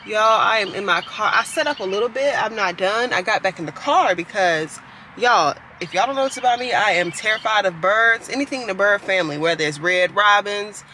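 A woman's voice: medium pitch, expressive, a little fast, pushed and bright, slight background noise, poor audio. A young woman vlogging in a bubbly, chatty way, talking straight to her viewers. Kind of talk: casual vlog chat.

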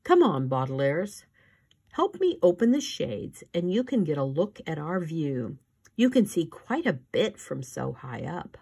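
Mild polite rich guy in an audiobook, woman reader doing him, low husky voice. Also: very animated, measured pace, mellow, full character voice. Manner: polite and easygoing. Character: mild, agreeable wealthy man. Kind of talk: audiobook reading.

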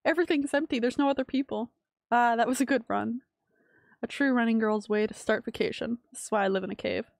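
Gravelly-voiced woman streamer reading aloud. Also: fairly high pitch, quick pace, no echo, clean studio sound. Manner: reads game text aloud, breaks into excited exclamations. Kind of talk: reading a visual novel aloud with live reactions.

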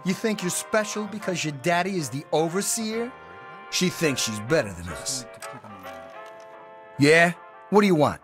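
Sneering teen gang bully. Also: male voice, on the high side, big pitch swings, a little slow, long pauses. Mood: taunting. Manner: taunting, cocky. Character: teenage male bully, gang leader, sneering. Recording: game audio with background music.

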